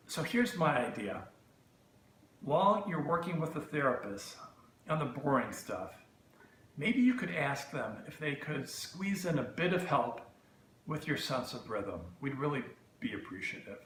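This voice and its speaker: A man with a mid-range voice teases his friend in a dry, deadpan way. The recording has an echoey room sound and a faint hiss behind him. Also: medium pitch. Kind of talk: humorous get-well video message.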